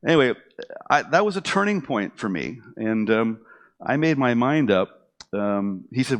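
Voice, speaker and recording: A man's voice: fairly low pitch, moderate pace. A middle-aged man telling his own story casually, with lots of fillers and restarts, acting out what others said to him. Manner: animated, acts out quoted dialogue with many fillers and restarts.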